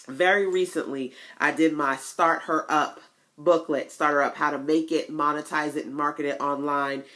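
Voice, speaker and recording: A woman coaching online business owners in a casual motivational vlog, telling stories with folksy asides and sudden jumps to a much higher voice. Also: moderate pace. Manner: chatty, animated storytelling with big pitch jumps.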